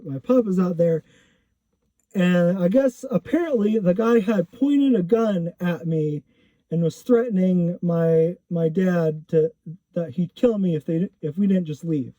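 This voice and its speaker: A man's voice: sits high, mellow, no echo. A man casually telling a personal story, rambling with lots of fillers and self-corrections. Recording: dull lo-fi recording.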